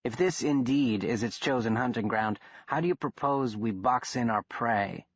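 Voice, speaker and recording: A man reading an audiobook, voicing a coolly skeptical male monster-hunter who speaks slowly and pointedly. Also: medium pitch, no room sound, lightly acted. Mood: doubtful. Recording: dull, dry studio recording.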